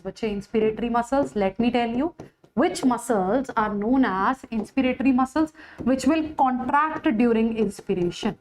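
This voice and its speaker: Woman, Indian English accent, high voice, online biology lecture, repeats points, quizzes students. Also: a little hiss or hum. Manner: addresses students with Hindi endearment "bache". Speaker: biology teacher. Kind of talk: online exam-prep lecture.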